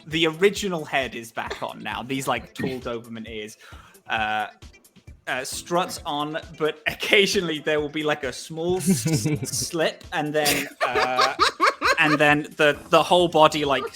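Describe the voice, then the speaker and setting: A man's voice: fairly high pitch, bright, forceful tone. Rambling man describing his character. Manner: rambling, many fillers, laughing. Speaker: player. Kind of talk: describing a character in a tabletop game.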